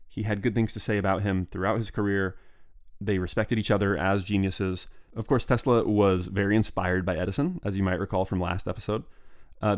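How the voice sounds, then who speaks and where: This man's voice sits fairly low and has a somewhat dark tone. As a podcast host, he tells history solo and casually, wandering through digressions in a stream-of-consciousness manner.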